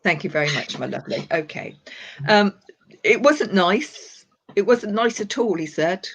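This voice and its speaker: A woman's voice: medium pitch, expressive, a little slow, fairly bright tone, slightly rough. An older woman working as a psychic medium on a live stream, talking with affection and calling people darling and sweetheart. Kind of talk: live-stream reading and chat. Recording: dull lo-fi live stream audio.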